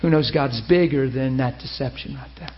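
A man preaching a sermon, telling a story with lively acted-out quotes. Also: medium pitch, moderate pace. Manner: animated, acts out quoted voices. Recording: muffled lo-fi sermon recording.

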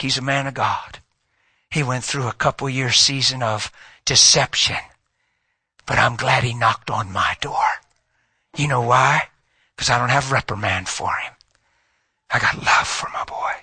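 Middle aged preacher guy, husky bright voice, goes from fast and loud to whispers, dry sound. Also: mid-range voice, no room sound. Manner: dramatic swings from loud and fast to hushed whispers. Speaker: pastor. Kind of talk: sermon with storytelling. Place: church hall with audience.

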